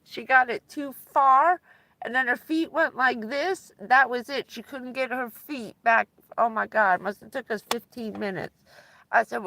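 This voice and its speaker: A woman's voice: high-pitched, creaky, pushed and bright, no room sound. A woman livestreaming from inside her van, chatting casually with viewers and laughing often as she tells stories.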